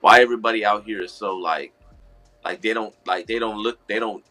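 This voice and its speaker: Low, bright-voiced LA man rambling. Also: a little fast, faint music behind. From Los Angeles. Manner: relaxed, rambling with many restarts and "I said". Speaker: podcast co-host. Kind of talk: casual storytelling chat.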